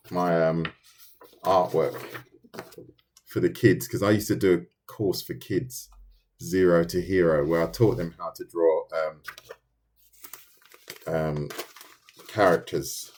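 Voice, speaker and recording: This London-accented man has a low, slightly mellow voice. Drawing during a casual live stream, he reads out and answers viewer comments, musing aloud with loose restarts.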